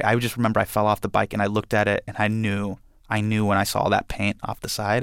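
A man from India telling a personal story, acting out the scenes with animated energy. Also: on the low side, fairly quick, creaky, clear, resonant tone, no echo.

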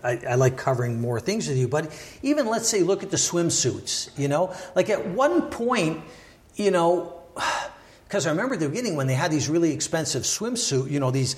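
An older man from Canada reflects at length as an interview guest, circling back on his points with restarts and careful hedges. His voice sits a little high for a man. The room around him rings with echo. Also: big pitch swings, moderate pace. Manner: thoughtful, hedging, many restarts and asides. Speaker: podcast guest, former Olympic wrestler and sports lawyer. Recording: roomy echoey room.

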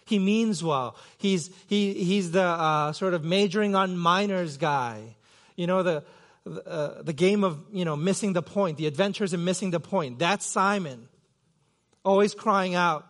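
A man's voice: high-pitched, measured pace. A middle-aged man from Korea preaching a sermon as pastor, in a conversational, self-deprecating way with many fillers and restarts. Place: church sanctuary.

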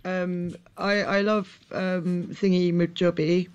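A woman's voice: on the low side, flat delivery, slow, dull audio, slight background noise. A young woman chatting about films, bubbly and sweary, with lots of ums. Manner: bubbly, hesitant with ums, swears and laughs easily. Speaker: podcast guest. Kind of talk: casual film chat.

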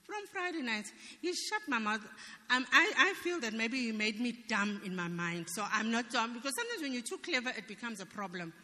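A woman's voice: on the high side, lively intonation, a little fast, bright, forceful tone. Earnest woman giving church testimony. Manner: earnest and emphatic. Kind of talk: personal testimony. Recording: long reverb of a church hall.

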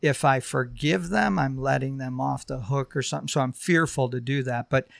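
A middle-aged man sharing a personal testimony on a podcast, halting and heartfelt, with many fillers. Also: medium pitch, creaky, a bit bright, dry recording, clean studio sound. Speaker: podcast guest.

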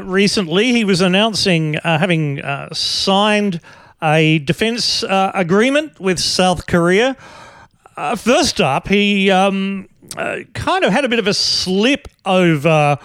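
A man hosting a podcast in slow, unhurried commentary. His voice sits a bit high and the recording is close and dry, with no room sound. He rambles sardonically and fills gaps with ums and uhs. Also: fairly bright tone, no room sound. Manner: sardonic, rambling with many fillers. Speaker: podcast host. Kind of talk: casual commentary.

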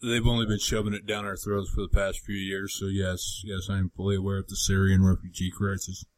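Deep-voiced man, dry and wry. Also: monotone, brisk, no room sound. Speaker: podcast co-host. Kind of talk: casual chat.

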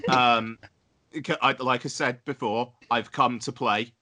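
A man's voice: medium pitch, steady tone, measured pace, sharp tone. A man co-hosting a podcast, rambling and emphatic in casual banter, swearing freely. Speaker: podcast co-host.

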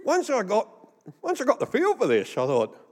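An Australian-accented male pastor with a very high-pitched voice and huge pitch swings preaches a humorous storytelling sermon at a moderate pace. He rambles through jokey stories and laughs at his own punchlines, his voice carrying a long hall reverb.

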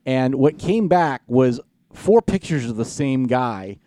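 Lively teasing man, dry close sound. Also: medium pitch, takes it slowly, dry recording. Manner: teasing, animated storyteller. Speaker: podcast co-host. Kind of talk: casual comedy chat.

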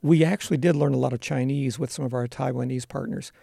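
A gravelly, dark-voiced man talks through his classroom work as an interview guest. He explains earnestly and pauses on "uh" fillers. The sound is dry and close. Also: medium pitch, steady tone, dry recording. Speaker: elementary school teacher, interview guest.

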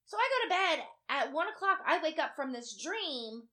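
A woman co-hosting a casual chat, telling an animated story with heavy swearing and acted-out quotes. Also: high voice, moderate pace.

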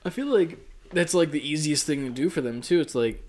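A man's voice: fairly high pitch, fairly quick. A man co-hosting a casual podcast chat, joking and slangy with casual swearing. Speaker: podcast co-host.

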